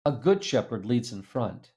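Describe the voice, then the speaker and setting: A man telling a personal story as an interview guest, lively and earnest, acting out the people in it. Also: mid-range voice, moderate pace. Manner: animated storyteller who acts out the people in his tale; earnest and reflective. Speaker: guest speaker.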